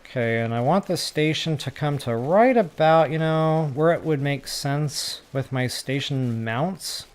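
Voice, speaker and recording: A man giving casual gameplay commentary for a building tutorial, chatty and self-mocking as he thinks out loud. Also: a little high, unhurried, few pauses, smooth. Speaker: gaming tutorial creator.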